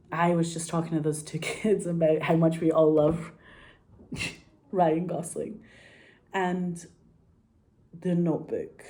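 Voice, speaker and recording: Laughing, foul-mouthed woman with a mellow voice. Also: fairly low pitch. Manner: animated and profane, laughing often, rambling. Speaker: actress. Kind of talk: casual anecdote.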